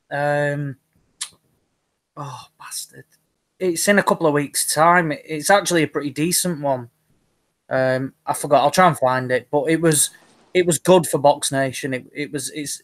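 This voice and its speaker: A male co-host who stumbles and stalls as he tries to remember a fight card. His voice is a bit higher than most men's, and the recording is dry. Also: no room sound. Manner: forgetful, halting with fillers. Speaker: podcast co-host. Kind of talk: casual boxing chat.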